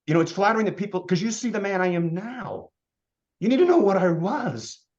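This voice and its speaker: A man with a slightly high voice delivers a blunt, preachy motivational talk to his team, pushing hard and then dropping to a hush. The sound is dull and lo-fi. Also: sing-song, a little fast. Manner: blunt, fired-up, preachy, swings between loud and hushed. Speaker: insurance agency leader speaking to his team.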